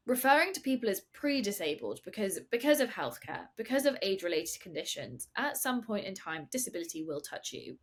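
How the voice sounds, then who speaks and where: A woman hosting a podcast, chatting in an animated way with quick asides and dry sarcasm. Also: mid-range voice. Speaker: podcast host. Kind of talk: casual interview talk.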